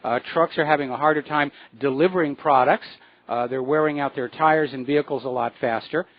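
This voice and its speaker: Male call-in talk host, measured and explanatory, with a dry, slightly muffled studio sound. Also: fairly high pitch, no room sound. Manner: measured, explanatory, with frequent uh fillers. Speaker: radio talk show host. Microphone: studio microphone.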